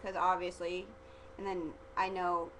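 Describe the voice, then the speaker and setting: A woman's voice: fairly low pitch, little pitch movement, unhurried, fairly bright tone, a little hiss or hum, rough recording. A teenage girl vlogging casually, rambling and giggly, full of "like" fillers. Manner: chatty and giggly, heavy use of "like" fillers.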